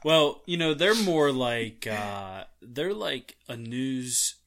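A man's voice: mid-range voice, big pitch swings, takes it slowly, fairly bright tone. A man co-hosting a sports podcast in casual, jokey banter, laughing often. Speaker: podcast co-host.

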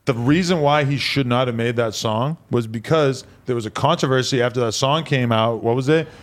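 A man's voice: medium pitch, a little fast. Joking man telling a prank story. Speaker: podcast co-host. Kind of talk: casual chat.

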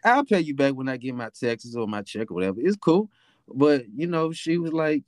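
A man's voice: mid-range voice, sing-song, normal speed, no echo, studio quality. A young man with a Memphis accent, casually telling a profane, rambling story as a podcast host. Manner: laid-back, profane, rambling with fillers.

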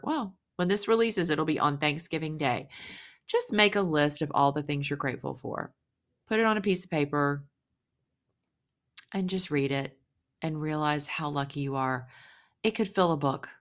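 A woman hosting a casual solo podcast, talking straight to her listeners in an effusive, upbeat, gushing way. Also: deep voice. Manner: warm, chatty direct address to listeners. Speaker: podcast host.

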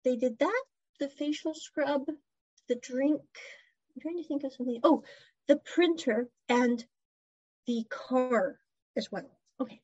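A woman's voice: high-pitched, a little slow, pauses often, a little mellow, breathy edge, dry recording, lo-fi sound. A woman chattily retelling a drama episode, with giggles and side comments. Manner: chatty storyteller, giggles, asides. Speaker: drama recap vlogger. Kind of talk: casual episode recap.

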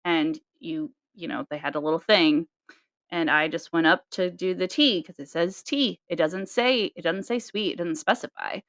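A woman's voice: lowish voice, normal speed, a bit bright, dry recording, clean studio sound. Profane, chatty woman podcast co-host. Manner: loose, profane storytelling with sighs and laughs. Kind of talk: casual chat.

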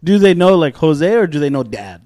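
A man's voice: on the high side, sing-song, brisk, a little mellow, dry recording, studio quality. A man in his twenties co-hosting a casual podcast, laid-back and laughing often. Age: 20s. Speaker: podcast co-host.

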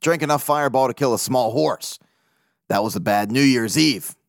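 A man hosting a casual solo sports podcast, rambling and animated, swearing freely and laughing at himself. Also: mid-range voice, moderate pace, gravelly, no echo, studio quality. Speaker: podcast host.

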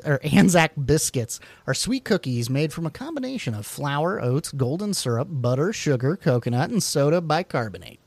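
A man's voice: mid-range voice, a little mellow, no echo. A man co-hosting a podcast, reading food facts aloud with jokey asides and the odd stumble over words. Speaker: podcast co-host.

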